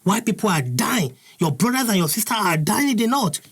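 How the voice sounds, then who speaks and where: A man's voice: high-pitched, big pitch swings, a little fast, fairly bright tone, husky. A Nigerian man hosting an impassioned commentary, furious and preaching, repeating his points. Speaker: host.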